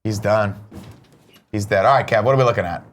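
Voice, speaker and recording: Low-voiced, teasing male co-host. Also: a little fast, a little hiss or hum. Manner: teasing, sarcastic banter. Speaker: podcast co-host. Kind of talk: casual chat.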